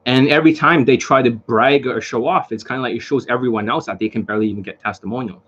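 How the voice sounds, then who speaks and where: A man's voice: medium pitch, fast talker, fairly bright tone, slight background noise. A man lecturing casually as a dating coach, rambling and profane, in a dull lo-fi recording. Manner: rambling, profane, lots of fillers.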